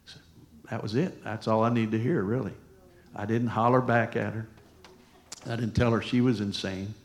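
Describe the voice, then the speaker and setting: A man's voice: fairly low pitch, steady tone, moderate pace. A middle-aged man preaching a sermon as a pastor, folksy and casual, mixing scripture with personal stories.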